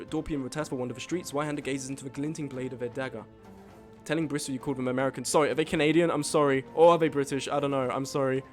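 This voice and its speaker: Male streamer, casual commentary, excitable, swears a lot, raised pitch, faint music underneath. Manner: excitable, swears freely, jokes with chat. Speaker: streamer host.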